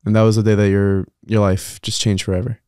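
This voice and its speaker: A man's voice: lowish voice, little pitch movement, fairly quick, dark tone, no room sound, studio quality. A man hosting a podcast interview in a chatty, casual way with many fillers and restarts. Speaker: podcast host.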